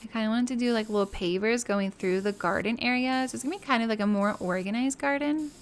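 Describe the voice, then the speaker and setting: A woman's voice: fairly high pitch, fast, slight background noise. A woman game streamer chatting casually and giggling with her viewers while she builds in a game.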